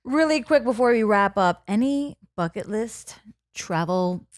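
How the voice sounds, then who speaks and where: A woman's voice: a little high, lively intonation, a little slow. A woman co-hosting a podcast, bubbly and emphatic, often giggling. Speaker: podcast co-host. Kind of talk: podcast interview chat.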